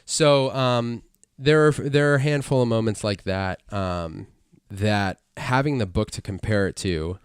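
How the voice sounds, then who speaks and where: With a fairly low voice and a measured pace, a man co-hosts a casual podcast chat, rambling along with plenty of fillers and restarts. His tone is clean, and the recording is dry with clean studio sound.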